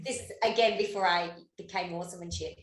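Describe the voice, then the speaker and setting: A woman's voice: fairly low pitch, fairly even intonation, fast talker, roomy sound, noisy background. A woman co-hosting a podcast in casual chat, who swears freely and laughs often. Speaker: podcast co-host.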